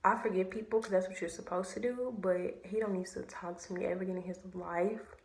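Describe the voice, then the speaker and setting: Animated young woman in an echoey room. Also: medium pitch, brisk, creaky. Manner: animated, slangy, swears freely. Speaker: vlogger. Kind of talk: casual storytime.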